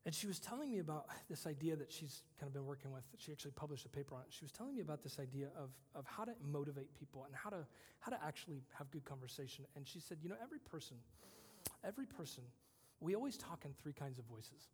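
A male pastor preaching a conversational sermon, moving between loud emphasis and hushed whispers. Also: fairly high pitch, expressive, fast, slightly rough, long reverb tail.

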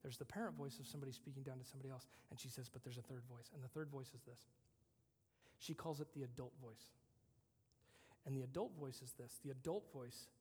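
A male pastor preaching a conversational sermon, moving between loud emphasis and hushed whispers. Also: medium pitch, steady tone, a little fast, husky, big-room sound.

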